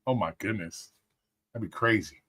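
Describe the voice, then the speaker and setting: A man's voice: fairly low pitch, normal speed, fairly bright tone, breathy edge. Profane rambling livestream host, man. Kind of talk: casual livestream commentary.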